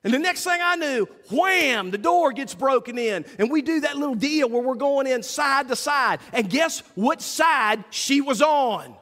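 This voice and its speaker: A middle-aged man preaching a sermon, telling a story with lively acted-out quotes. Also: very high voice, unhurried, hardly any pauses. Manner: animated storytelling, acts out quotes loudly. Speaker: pastor. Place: church sanctuary. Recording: long reverb of a church hall.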